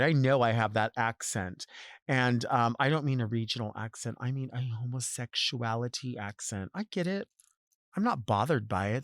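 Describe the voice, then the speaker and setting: A man's voice: mid-range voice, no echo, studio quality. A man who hosts as a drag queen, talking in a campy, sassy way and stretching words out for emphasis. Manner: sassy, conversational. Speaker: podcast host, drag queen. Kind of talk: casual solo monologue.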